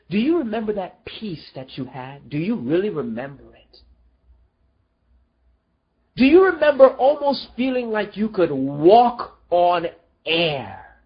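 Slow, pleading preacher with lively pitch. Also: lo-fi sound. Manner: emotional, pleading, full of rhetorical questions. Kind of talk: sermon.

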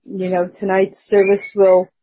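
Church testimony, husky voice, flat delivery, earnest, halting, muffled phone audio. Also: mid-range voice. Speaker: church member giving a testimony. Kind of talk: spoken testimony at an online prayer service. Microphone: phone on a call.

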